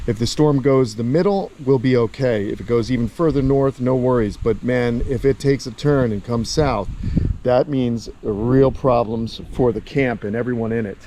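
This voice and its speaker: A man's voice: medium pitch, moderate pace, dark tone, slight background noise. Chatty man vlogging outdoors. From Florida. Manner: chatty, talks fondly to his animals. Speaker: animal caretaker and vlogger. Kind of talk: casual walk-and-talk vlog. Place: outdoors at an animal camp with ponds.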